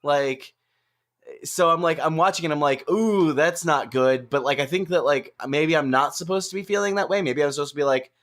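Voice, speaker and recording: A man's voice: on the high side, fairly quick, fairly bright tone. A man co-hosting a podcast who talks hesitantly, searching for words and repeating himself. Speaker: podcast co-host. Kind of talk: casual chat.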